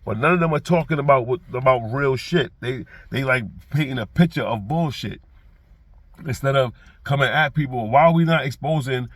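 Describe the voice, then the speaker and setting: A man's voice: medium pitch, moderate pace, no room sound. A man with a New York accent giving a casual commentary monologue as a reaction vlogger, rambling with repeated restarts and growing heated when he acts out quotes. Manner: gets loud and heated when acting out quotes.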